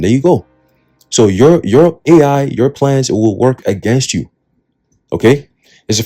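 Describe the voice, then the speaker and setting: A man giving casual, street-style Bible teaching in slangy, profane talk, often pausing to ask his listeners "right?". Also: medium pitch, animated, gravelly, dark tone, faint music behind. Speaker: preacher.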